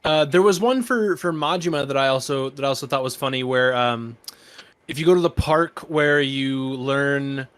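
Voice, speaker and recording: A man's voice: mid-range voice, normal speed, a bit bright. A young man co-hosting a casual chat show, talking in a loose, rambling way and swearing casually. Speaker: podcast co-host.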